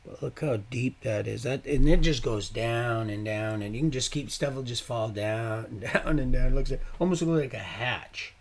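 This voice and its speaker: A man's voice: medium pitch, normal speed, hardly any pauses. A man streaming live, telling rambling, profane stories in a casual way. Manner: rambling, profane, swearing often. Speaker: livestreamer.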